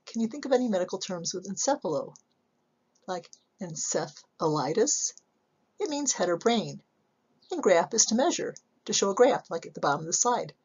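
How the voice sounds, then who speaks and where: A woman psychology instructor giving a recorded slide lecture, measured and explanatory, often asking rhetorical questions. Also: medium pitch, sing-song, darkish tone, husky, dull audio.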